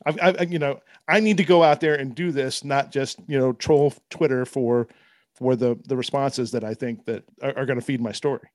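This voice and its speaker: Man, interview host, mid-pitched voice, dry close sound, thoughtful winding questions. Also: fairly even intonation, moderate pace, no echo. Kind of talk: casual interview chat.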